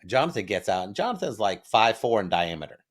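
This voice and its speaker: A man's voice: lowish voice, sing-song, a little fast. A man hosting a comedy talk radio show, telling a story casually and acting out the people in it. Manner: storytelling, acts out the people he quotes.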